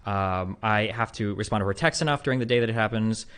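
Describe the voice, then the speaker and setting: A man's voice: lowish voice, fast, a bit bright, smooth. A man in his thirties talking casually to a stream audience, rambling with lots of fillers and blunt, profane asides. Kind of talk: casual monologue to a livestream audience.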